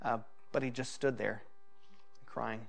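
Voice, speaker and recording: Male pastor, medium pitch, halting and reflective delivery full of fillers. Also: fairly even intonation, vocal fry. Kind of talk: personal sermon.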